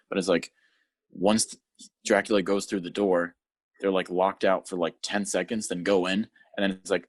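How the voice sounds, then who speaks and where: A man's voice: sits low, steady tone, moderate pace. A man co-hosting a podcast in casual chat, rambling with lots of fillers and acting out scenes in silly voices. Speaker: podcast co-host.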